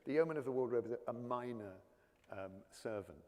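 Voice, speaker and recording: A man with a near-RP English accent, talking as a guest actor in an onstage conversation. His pitch sits at an ordinary middle level, and he tells his stories in a chatty, anecdotal way, doubling words as he restarts. His voice rings with the long reverb of a college hall. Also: expressive, fairly quick, darkish tone. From South London. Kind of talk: onstage conversation before an audience.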